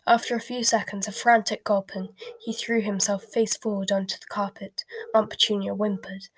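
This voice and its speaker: Woman narrator, hushed whisper, whispered role-play, dry close sound. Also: mid-range voice, little pitch movement, normal speed, slightly rough, no room sound. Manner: soft, hushed storytelling.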